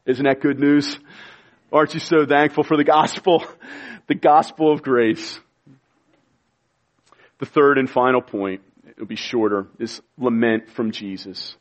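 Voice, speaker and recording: Man preaching to a congregation, fervent and pleading, recorded on muffled low-fidelity audio. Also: steady tone, unhurried, pauses often. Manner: impassioned, pleading preaching with sudden quiet drops. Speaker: pastor. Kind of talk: sermon.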